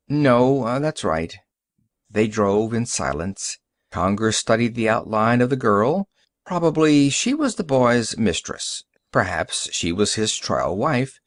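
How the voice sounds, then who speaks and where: A man's voice: lowish voice, dry recording, studio quality. A man reading a short story aloud as an audiobook narrator, telling it steadily. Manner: steady storytelling with varied voices. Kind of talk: scripted narration.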